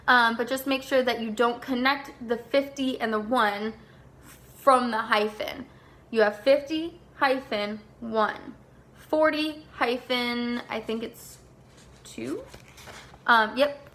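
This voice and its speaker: A young woman teaching a recorded class lesson, her voice sitting a little high. She talks in a loose, casual way with plenty of "um"s and "like"s, and slows right down whenever she spells out a word. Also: a bit bright. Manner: casual, filler-heavy, slows to spell things out.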